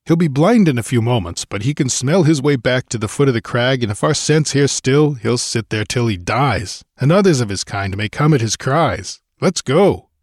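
A man's voice: mid-range voice, expressive, normal speed, hardly any pauses, dry recording, studio quality, voice pushed up, close to an everyday voice. A man reading a story aloud, voicing a barbarian warrior who gives urgent, commanding orders.

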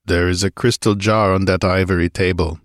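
A male narrator voicing a blunt, fearless barbarian warrior with a gruff, commanding delivery in an audiobook. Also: low-pitched, fairly even intonation, a little fast, no room sound, studio quality, lightly acted. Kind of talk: audiobook character voice.

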